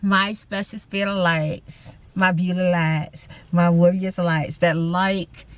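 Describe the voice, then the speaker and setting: A middle-aged woman hosting her vlog in casual, animated chat, calling her viewers y'all and saying freaking often. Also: on the low side, slow pace. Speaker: vlogger and host.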